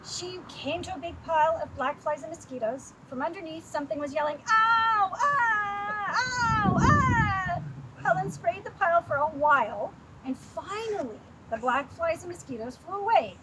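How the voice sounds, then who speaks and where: A Canadian woman reads a picture book aloud to her listeners, animated and chatty between pages. Her voice is very high. Loud wind and outdoor noise fill the recording. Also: a little fast, hardly any pauses. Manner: animated storytelling with asides to a co-host. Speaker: librarian storyteller. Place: outdoors, windy.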